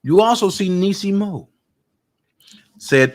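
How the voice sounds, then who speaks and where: A man's voice: mid-range voice, lively intonation, measured pace, pauses often. A man giving casual livestream commentary, talking straight to his viewers and repeating his points with emphasis. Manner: emphatic, repeats points to drive them home; confrontational, talks straight to viewers. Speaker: online commentator.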